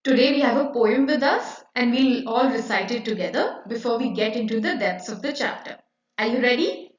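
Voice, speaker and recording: A woman teaching a grammar lesson to young children online, lively and encouraging, often checking in with the kids. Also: a little high, normal speed. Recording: echoey, slightly dull recording.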